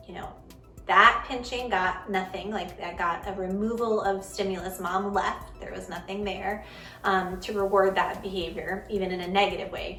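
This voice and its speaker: A woman's voice: mid-range voice, a bit bright, distant mic. A woman in her thirties hosting a parenting show, talking earnestly and conversationally about handling kids' feelings. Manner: earnest, conversational, acts out quoted kids and parents. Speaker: parenting vlog host. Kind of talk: casual advice talk to camera. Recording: echoey room, slightly off-mic, faint music.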